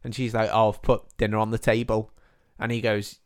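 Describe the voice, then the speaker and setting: A man, co-hosting a podcast, retelling a film in casual chat with lots of swearing and quick quotes of the characters. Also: lowish voice, little pitch movement. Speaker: podcast co-host.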